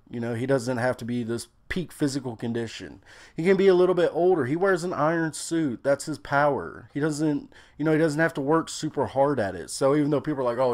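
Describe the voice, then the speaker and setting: A man's voice: mid-range voice, darkish tone. A young man giving a casual, opinionated movie review, rambling with frequent fillers.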